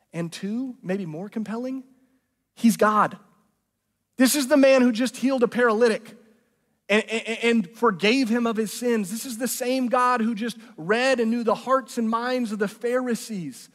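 A man preaching a sermon as a pastor, earnest and conversational, often restarting his phrases. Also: sits high. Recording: long reverb of a hall.

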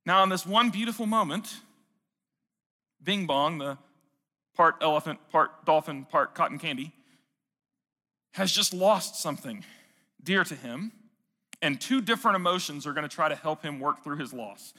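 A man's voice: on the high side, expressive, moderate pace, long pauses, bright, forceful tone, big-room sound. A man preaching a sermon in an earnest, conversational way, asking the congregation questions. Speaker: pastor.

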